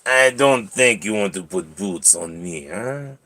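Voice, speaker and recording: A man voicing a smug, sly male house cat with a mock French accent, murmuring low and teasing threats. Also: expressive, measured pace, bright, forceful tone. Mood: sly warning.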